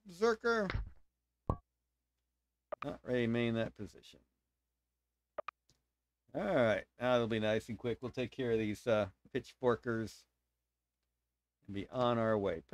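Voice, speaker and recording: A man's voice: mid-range voice, slight background noise. A man casually commentating a strategy game as he plays, explaining his moves and voicing playful sound effects for attacks. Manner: thinks aloud while explaining strategy. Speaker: game streamer.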